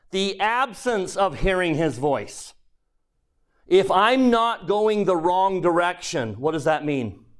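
A man teaching a devotional lesson to a class, speaking slowly and deliberately and sometimes dropping to a hushed near-whisper for emphasis. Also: high voice, clear, resonant tone. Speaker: religious teacher.

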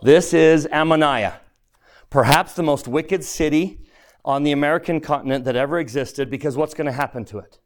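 A man's voice: a little high, moderate pace. A man teaching a scripture class, earnest and pleading, often asking the students questions. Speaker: religion teacher.

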